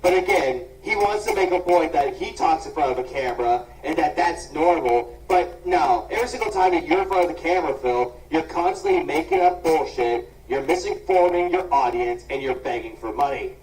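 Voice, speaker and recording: A man's voice: on the high side, lively intonation, fairly quick, few pauses, darkish tone, faint music behind. A man doing sarcastic reaction commentary, scolding and mocking with plenty of swearing. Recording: roomy and distant.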